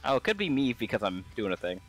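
A man's voice: mid-range voice, quick pace. Guy joking around on a game stream, voice bouncing up and down, faint music behind. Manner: laughing, animated banter. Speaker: stream co-host. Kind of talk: casual gaming chat.

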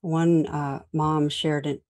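A middle-aged woman giving a dharma talk and guiding a reflection, gentle and unhurried, pausing often. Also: low-pitched, flat delivery. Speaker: meditation teacher.

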